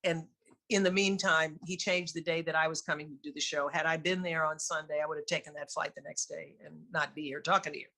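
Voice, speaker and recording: A woman with a New York accent, an interview guest and singer, telling candid stories in a lively way and laughing often. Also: deep voice, fairly quick, gravelly. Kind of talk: casual storytelling in an interview.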